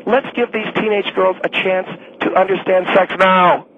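A high, gravelly woman's voice, put on by a man, crackles down a tinny phone line. She is a pushy, condescending middle-aged association president who talks down to everyone. Faint hiss sits underneath. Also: fairly even intonation, normal speed. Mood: indignant. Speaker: caller on a talk show.

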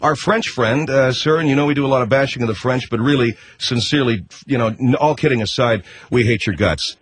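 A man hosting a radio talk show, reading plugs in a brisk, mock-earnest pitchman patter.

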